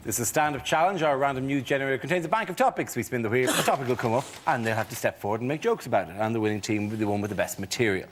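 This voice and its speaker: A man hosting a comedy panel show, briskly announcing rounds and topics. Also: medium pitch, expressive. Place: TV studio with live audience. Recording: loud studio audience and noise.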